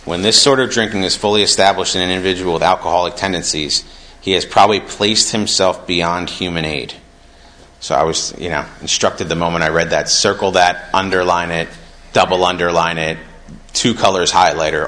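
A man's voice: sits low, pushed and bright, low-quality recording. A young man speaking earnestly at a recovery meeting, reading passages aloud from a book and reflecting on them in a conversational way.

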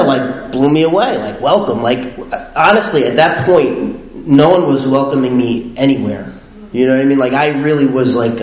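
A man shares his story casually, rambling and animated, with constant fillers and quick laughs. His voice sits at a middle pitch and carries an echoey room sound. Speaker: speaker sharing his recovery story.

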